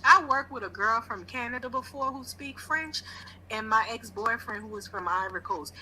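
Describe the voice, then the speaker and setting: A woman's voice: on the high side, expressive, moderate pace, pushed and bright, husky, rough recording. A woman in a podcast discussion, talking in a sassy, lecturing way and calling people sweetheart and baby. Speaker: podcast guest. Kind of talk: casual chat.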